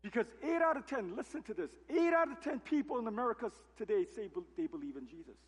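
A man's voice: very high-pitched, expressive, fast, slightly rough. A man preaching a sermon as pastor, emphatic and full of rhetorical questions, in a church sanctuary. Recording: long hall reverb.

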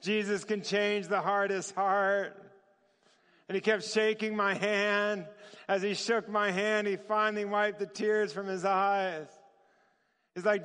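A man's voice: high-pitched, slow, pauses often, clear, resonant tone. A man preaching a sermon, telling a story and acting out the dialogue with laughter. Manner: animated, acts out dialogue with laughter. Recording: long reverb of a large hall.

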